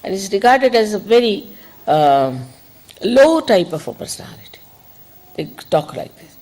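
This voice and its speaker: Husky-voiced woman giving spiritual advice. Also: medium pitch, very animated, measured pace, low-quality recording. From India. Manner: conversational, digressive, gently admonishing. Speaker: spiritual teacher. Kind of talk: informal spiritual talk.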